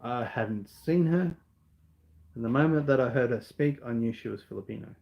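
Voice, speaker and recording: An Australian man chats through a live question-and-answer stream, earnest and a bit rambling, often pausing on an um before restarting a thought. His voice sits at an ordinary middle pitch for a man. The sound is a little dull and lo-fi. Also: lively intonation, gravelly. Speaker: vlogger answering viewer questions. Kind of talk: casual live Q&A chat.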